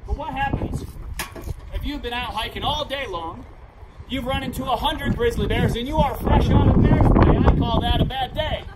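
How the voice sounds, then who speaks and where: A man working as a park ranger, giving a lively outdoor talk to a crowd and leading them in call-and-response. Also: extremely high pitch, normal speed. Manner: projecting, upbeat, leads call-and-response. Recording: distant outdoor voice, loud background noise.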